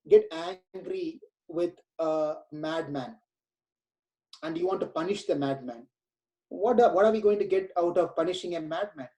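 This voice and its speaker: A man voicing a calm detached old sage. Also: sits high, low-quality recording. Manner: calm, reasoning, lightly chiding. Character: calm detached male sage, unbothered and wise.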